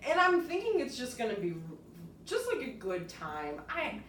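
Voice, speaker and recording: A young woman stand-up comedian talks loosely as a podcast guest, her pitch leaping around as she laughs through her stories and piles on fillers. She sits at a middling pitch, a little away from the mic. The room rings with echo, and there is a faint hiss underneath. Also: huge pitch swings, normal speed, a bit bright, distant mic. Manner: chatty, laughs often, many "like" fillers. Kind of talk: casual podcast chat.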